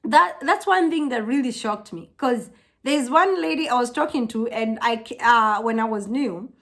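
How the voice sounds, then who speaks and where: A young woman from Africa chatting to her vlog audience, telling stories with lively acted-out quotes. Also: normal speed. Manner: animated storytelling, acts out quotes in high voices. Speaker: vlogger. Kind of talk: casual chat to camera.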